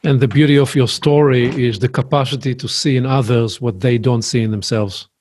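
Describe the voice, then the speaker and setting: A man hosting a podcast interview, friendly and quick to laugh. His voice sits at an ordinary mid pitch as he puts questions to his guest and reacts. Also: fairly even intonation, darkish tone. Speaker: podcast host.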